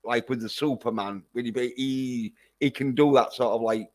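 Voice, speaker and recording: A man's voice: medium pitch, moderate pace, darkish tone. A man giving a casual, rambling film review on a livestream, swearing constantly as he talks. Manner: rambling and heavily profane.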